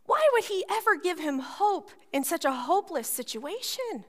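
A woman's voice: extremely high pitch, moderate pace. A woman pastor preaching a sermon, telling a personal story and acting out the voices in it. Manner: animated storytelling, acts out voices.

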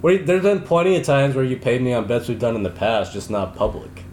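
A man's voice: mid-range voice, sing-song, darkish tone. Joking young man co-hosting a sports podcast. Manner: joking, boastful, quick back-and-forth. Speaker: podcast co-host. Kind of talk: casual sports podcast banter. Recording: roomy, faint background hum.

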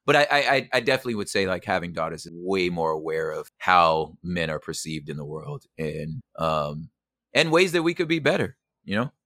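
A man talking as a guest in a casual interview, animated and slangy, often asking if he's understood. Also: low voice, fairly quick, no echo, clean studio sound. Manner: animated, slangy, keeps asking "you know what I'm saying". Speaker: poet and emcee.

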